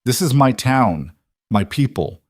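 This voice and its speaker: A man's voice: medium pitch, very animated, a little slow, a little mellow, no echo, studio quality, voice pushed up. A man voicing a ruthless young male outlaw with a snarling, contemptuous way of talking, in a scripted story reading. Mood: menacing.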